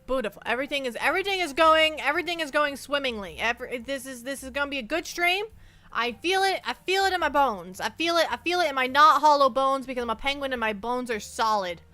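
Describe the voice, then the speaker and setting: A woman's voice: sits high, expressive, fairly quick, sharp tone, faint music behind. A young adult woman streaming as a VTuber, chatting casually and playfully with her viewers and often repeating herself. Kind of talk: casual livestream chat.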